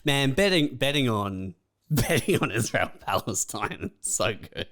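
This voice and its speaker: A man's voice: mid-range voice, very animated, unhurried, a bit bright. A man co-hosting a comedy podcast, laid-back, agreeing and laughing easily. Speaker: podcast co-host. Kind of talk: crude comedic podcast banter.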